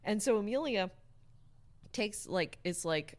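A woman's voice: mid-range voice, animated, normal speed. A woman casually retelling a story's plot to a friend, rambling with many fillers and the odd swear word. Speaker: storyteller recapping a book. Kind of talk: casual chat.

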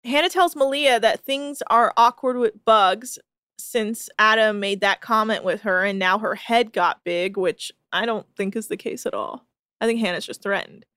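A woman's voice: medium pitch, fairly bright tone, clear, resonant tone, dry recording, clean studio sound. A woman co-hosting a podcast, recapping a reality show in casual, sarcastic, swearing chat. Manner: sarcastic, quick, swears freely. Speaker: podcast co-host.

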